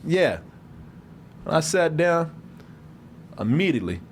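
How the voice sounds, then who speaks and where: A show host telling a story in a loose chat, with a high voice that leaps up and down as he goes. He laughs often and acts out what other people said. Ambience sits faintly behind him. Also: takes it slowly, a little hiss or hum. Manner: animated, laughing, acts out quotes.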